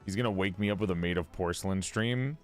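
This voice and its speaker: A man streaming a video game in casual chat, excitable and gushing, sounding a little sleepy. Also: quick pace, faint music behind. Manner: excitable, gushing, swings into high squeals. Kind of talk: casual gaming livestream chat.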